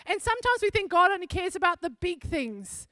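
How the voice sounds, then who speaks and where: A woman pastor with a high voice tells a story from the pulpit, earnest and conversational. The sound is close and dry, with no room around it. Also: big pitch swings, a little fast, fairly bright tone, no echo. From South Africa. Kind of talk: sermon.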